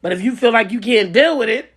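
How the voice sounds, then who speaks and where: A woman's voice: on the high side, fairly quick, a bit bright, slightly rough. A middle-aged woman and business owner giving casual advice straight to camera, blunt and emphatic, coming back to her points again and again.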